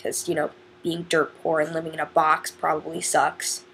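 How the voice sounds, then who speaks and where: A woman's voice: deep voice, little pitch movement, normal speed, vocal fry, a bit bright, slight background noise. A woman vlogger chatting casually through a question challenge, giggly and rambling, often stopping to restart her sentences. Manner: chatty, giggly, self-interrupting.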